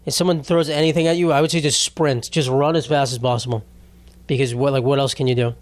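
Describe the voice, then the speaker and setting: A man's voice: medium pitch, fairly even intonation, fast talker, no room sound. A man hosting a solo podcast, chatting casually in a rambling, profane, wisecracking way. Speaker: podcast host.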